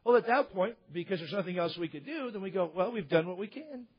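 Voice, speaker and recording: A man's voice: high voice, expressive, quick pace, slightly rough, dull audio. A man preaching a sermon, telling a story and acting out the dialogue of the people in it. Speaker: pastor.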